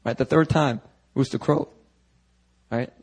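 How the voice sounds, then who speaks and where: A man preaching a sermon at a church service, lively and conversational, acting out the voices of biblical figures as he goes. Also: mid-range voice, measured pace, breathy edge, rough recording. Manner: animated, acts out voices of biblical figures, talks to the congregation. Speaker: pastor.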